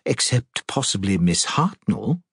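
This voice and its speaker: A man voicing a young vicar's wife who talks in a brisk, teasing, quick-witted way. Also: lowish voice, sing-song, gravelly, breathy edge, dry recording, clean studio sound, exaggerated voice.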